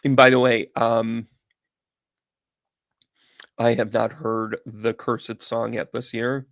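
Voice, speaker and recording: A man hosting a casual livestream chat, chatty and animated, chuckling as he tells stories. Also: medium pitch, slow, no room sound. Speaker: host and medium.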